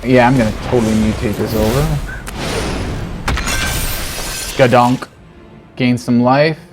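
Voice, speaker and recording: A man giving casual, animated commentary on his own card game, talking to himself and joking through his frustration. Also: medium pitch, slow pace, music in the background. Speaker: game streamer. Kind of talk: gameplay commentary.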